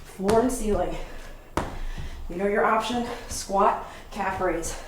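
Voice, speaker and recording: Female fitness instructor, slow and winded cues mid-workout, roomy sound from across the room, noisy. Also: medium pitch, distant mic. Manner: energetic, out of breath while exercising. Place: home workout space.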